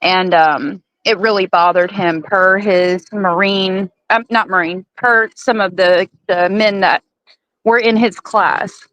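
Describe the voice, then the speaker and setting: A woman's voice: mid-range voice, steady tone, slow, a bit bright, no room sound, rough recording. A woman guest on a true crime chat, talking casually and hesitantly with many fillers, in a sympathetic tone.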